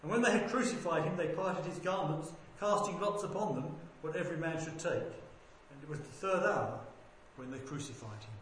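High-voiced man reading scripture in echoing room. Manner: measured, deliberate reading that rises for quoted speech. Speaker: scripture reader. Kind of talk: bible reading aloud. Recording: very echoey room with faint background noise.

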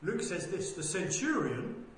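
A man preaching a sermon, swinging between loud proclaiming and quiet, low asides. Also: sing-song, measured pace, heavy reverb.

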